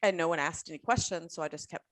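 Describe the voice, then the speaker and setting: A woman's voice: low voice, quick pace, a bit bright, no room sound, studio quality. A woman hosting a casual panel discussion, chatty and candid, asking questions and often saying "like". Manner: chatty and candid, leading with questions, heavy "like" use. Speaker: podcast host, attorney.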